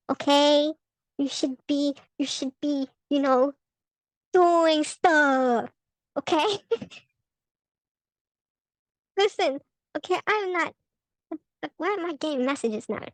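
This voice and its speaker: Young woman with a high voice, chatting thru tarot cards, swears a lot and rambles, dry close sound. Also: slow pace, no room sound, low-quality recording. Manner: blunt and profane, laughing, rambling with restarts. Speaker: tarot vlogger. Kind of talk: casual tarot reading commentary.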